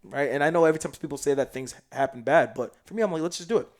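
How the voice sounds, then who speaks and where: A man from South Sudan talks as a podcast guest in loose, slangy storytelling. His mid-range voice swings from loud, excited bursts down to hushed asides as he relives the moment. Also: medium pitch, rapid-fire. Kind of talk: casual storytelling chat.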